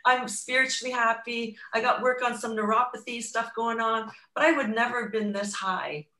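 A woman's voice: a little high, steady tone, moderate pace, bright, forceful tone, echoey room. A middle-aged woman, a guest telling her own recovery story in an earnest, reflective way, often restarting mid-thought. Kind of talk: candid personal storytelling.

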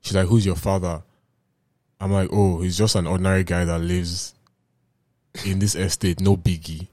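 A man's voice: deep voice, flat delivery, moderate pace, a little mellow, no room sound. A man with a Nigerian accent, hosting a podcast and telling a story in a casual, laughing way. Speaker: podcast host.

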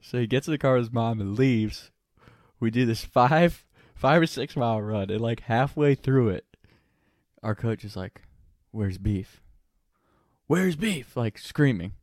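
A man's voice: medium pitch, moderate pace, darkish tone, dry recording, clean studio sound. A young man casually telling a funny story, laughing often and swearing freely.

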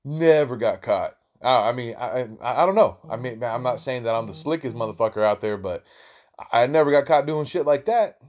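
A man's voice: medium pitch, animated, normal speed. A man hosting his own podcast and telling stories in a casual, rambling way, full of swearing and slang. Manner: profane, rambling, slangy, with many restarts. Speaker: podcast host. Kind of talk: casual storytelling monologue.

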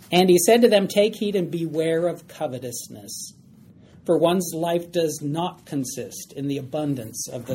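A man's voice: a little high, mellow. A man teaching a Bible study class, conversational and often checking in with the group. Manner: conversational, checks in with "all right?". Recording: faint background noise.

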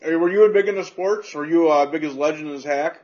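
A man hosting a casual chat, relaxed and easygoing, swearing casually as he asks questions. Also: on the high side, brisk, highs cut off. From United States. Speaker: podcast host.

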